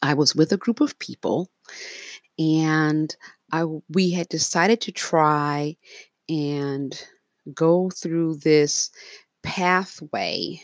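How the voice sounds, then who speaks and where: Slow, low-voiced woman telling a story. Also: no room sound. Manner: rambling, with fillers and restarts. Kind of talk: casual story narration.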